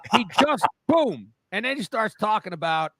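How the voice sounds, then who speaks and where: Bright-voiced man telling animated stories. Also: high-pitched, normal speed. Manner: animated storyteller who acts out quoted voices. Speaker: podcast co-host. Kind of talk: casual anecdote telling.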